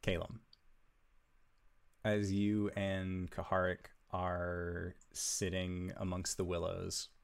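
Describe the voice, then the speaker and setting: Very slow, deep, gravelly game master. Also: male voice, monotone. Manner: slow, measured, hushed storytelling. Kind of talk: narrating a tabletop game.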